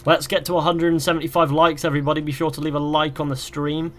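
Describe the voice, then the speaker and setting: A man's voice: on the high side, flat delivery, fast, fairly bright tone. A young man streaming a game live, chatting casually and reading viewers' questions aloud before rambling through his answers. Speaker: gaming streamer.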